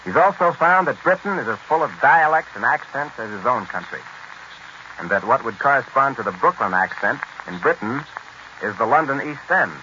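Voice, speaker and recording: A man narrating in a brisk, explanatory way, in a 1940s radio documentary. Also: medium pitch, animated, sharp tone, slight background noise. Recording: dull lo-fi 1940s radio recording.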